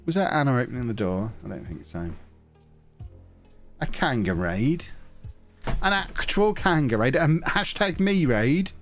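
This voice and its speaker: A man's voice: medium pitch, expressive, unhurried, long pauses, soft background music. A man with a sniffly, stuffed-up nose, chatting casually and rambling through a live stream while he plays a management game.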